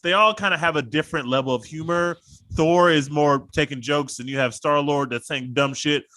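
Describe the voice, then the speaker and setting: A man's voice: a little high, normal speed, sharp tone. A man co-hosting a podcast in casual chat, enthusiastic and rambling, swearing now and then. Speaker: podcast co-host.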